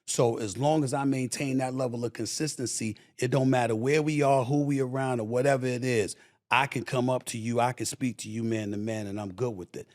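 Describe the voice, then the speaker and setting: A loud, passionate middle-aged man on a casual interview show. He talks like a sports commentator who hammers every point home and acts out old exchanges as he tells them. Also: mid-range voice, steady tone, brisk.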